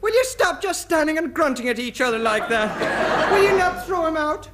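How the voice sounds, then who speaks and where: A genial parish priest, acted by a man, talks in a soft, fatherly way with a lively lilt. The recording carries loud background noise. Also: very high-pitched, normal speed, a loud crowd. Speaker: priest in a comedy sketch.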